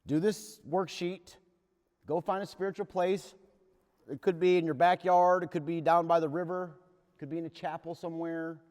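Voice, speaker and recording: A fairly high-voiced man leads a recovery workshop. He talks candidly and plainly, like he's sharing his own story with the group. His voice rings out with a long reverb in a big meeting hall. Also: fairly even intonation, moderate pace, a little mellow. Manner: earnest, plain-spoken storytelling.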